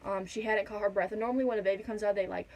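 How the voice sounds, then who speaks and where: A teenage girl vlogging a casual storytime at home, chatty and full of "like", acting out quotes in a higher voice. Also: steady tone, racing, muffled recording, a little hiss or hum. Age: teens. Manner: chatty, says "like" a lot, acts out quotes in a higher voice.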